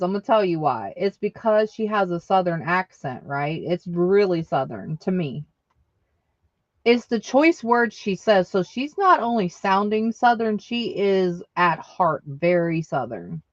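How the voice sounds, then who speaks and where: A woman's voice: on the low side, dry recording, highs cut off. A woman hosting a live online craft sale, chatting casually and answering viewer comments aloud. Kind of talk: casual live-selling chat.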